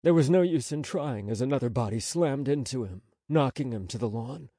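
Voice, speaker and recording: A man narrating an audiobook in a measured, unhurried storytelling manner on a close studio mic. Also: medium pitch, animated, mellow, slightly rough, no echo. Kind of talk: scripted narration.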